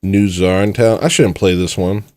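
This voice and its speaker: A man's voice: low voice, fairly even intonation, moderate pace, darkish tone, no room sound. A man hosting a livestream, talking bluntly and rambling in a self-mocking way. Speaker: livestream host. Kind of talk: casual livestream rant.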